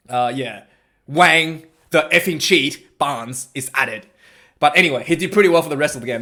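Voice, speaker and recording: A man giving a casual, rambling recap of a rugby match, excitable and full of asides. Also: fairly high pitch.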